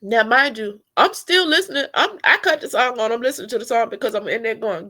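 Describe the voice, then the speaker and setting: A woman's voice: a little high, fairly quick, hardly any pauses, pushed and bright. A middle-aged woman, tearfully and candidly recounting a hard church rehearsal to her viewers. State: crying at times. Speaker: church singer telling her story. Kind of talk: emotional personal storytelling.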